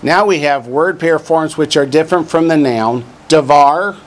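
A man's voice: a little high, moderate pace, a little hiss or hum. A man teaching a class from a textbook, drilling vocabulary and adding dry joking asides. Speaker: Hebrew teacher. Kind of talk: classroom lesson, reading from a textbook.

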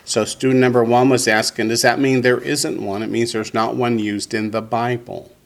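Man teaching a slow, deliberate lesson. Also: mid-range voice, little pitch movement, vocal fry. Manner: slow, deliberate explanations, leads group repetition. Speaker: Hebrew teacher. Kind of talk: classroom lesson with call-and-response.

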